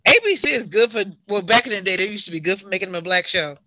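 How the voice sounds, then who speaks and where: A woman chatting casually as a co-host, animated and laughing often. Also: mid-range voice, racing. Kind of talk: casual chat.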